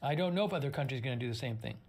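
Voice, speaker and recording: A man hosting a livestream, giving a casual news update in a relaxed, hesitant way. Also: mid-range voice, rapid-fire, a little hiss or hum. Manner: relaxed, hesitant with fillers and restarts. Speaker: livestream host.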